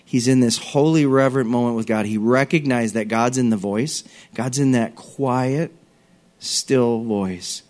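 A male pastor preaches in a relaxed, conversational way. His voice drops soft for quiet moments and lifts for emphasis, and now and then he slips into acted voices. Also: mid-range voice, a little slow. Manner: conversational, acts out voices, varies loudness. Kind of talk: sermon.

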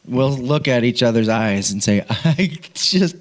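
Middle-aged man, pastor, personal story sermon, self-mocking, laughs a lot, restarts sentences, mid pitch. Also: moderate pace.

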